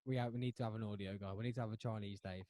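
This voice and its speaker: A man hosting a podcast, telling a story in a rambling, animated way with lots of restarts. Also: on the low side, rapid-fire, dry recording, clean studio sound. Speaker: podcast host. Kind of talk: casual chat.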